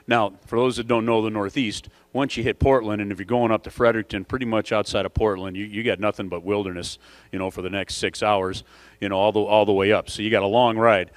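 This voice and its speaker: A man's voice: lowish voice, steady tone, a little fast, no echo. Chatty man telling a story on a dry mic. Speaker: conference emcee. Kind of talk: storytelling to an audience.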